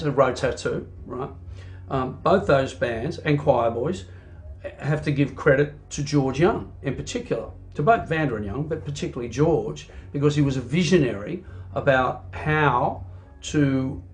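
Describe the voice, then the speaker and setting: A middle-aged Australian man, a rock singer, chatting in an interview as an animated storyteller who fills his talk with "you know". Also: medium pitch. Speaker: singer and band frontman. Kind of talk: casual interview chat.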